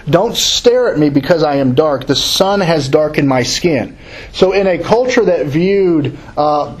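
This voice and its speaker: A man with a slightly husky voice leads a Bible study lesson, reading short passages aloud and then talking through them. His voice sits a little higher than most men's, and he speaks in a plain, unhurried classroom manner, with small restarts. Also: darkish tone, rough recording. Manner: reads verses aloud, then explains them in a halting, casual way.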